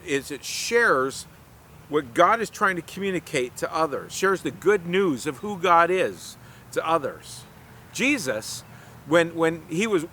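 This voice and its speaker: A middle-aged man leads a casual youth devotional in an earnest, chatty way, often restarting his phrases. His voice is bright and sits a bit high, with faint outdoor traffic noise behind him. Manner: earnest, conversational, with frequent restarts. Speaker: youth pastor.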